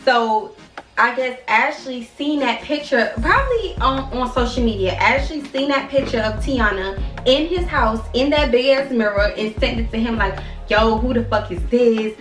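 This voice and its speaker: A young woman in her twenties telling a storytime vlog in an animated, slangy, profane way. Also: a little high, normal speed. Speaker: vlogger. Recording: echoey room from a distance, faint music.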